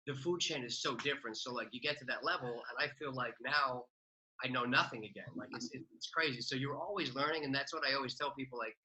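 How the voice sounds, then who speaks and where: A man's voice: medium pitch, bright, forceful tone, a little hiss or hum, rough recording. A man talking casually as a podcast guest, chatty with lots of filler words. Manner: fast, chatty, many "like" fillers. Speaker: podcast guest, real estate investor. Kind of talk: casual interview talk.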